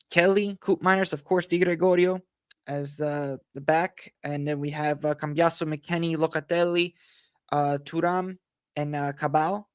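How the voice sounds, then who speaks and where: A man hosting a football analysis livestream, hoarse from losing his voice, talking in a frustrated, rambling way full of fillers and repeated phrases. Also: fairly high pitch, dry recording, clean studio sound. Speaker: football channel host.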